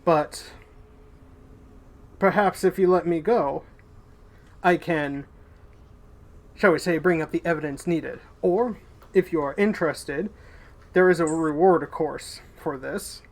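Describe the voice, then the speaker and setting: A man's voice: a little high, takes it slowly, long pauses. A man voicing a weary male knight who hunts cultists, talking in an earnest, apologetic way.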